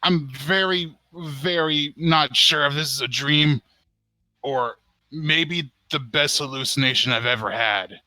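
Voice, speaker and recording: A man's voice: a little high, slow pace, sharp tone, no room sound, full character voice, low-quality recording. A man voicing a bewildered young male adventurer with a wry tone.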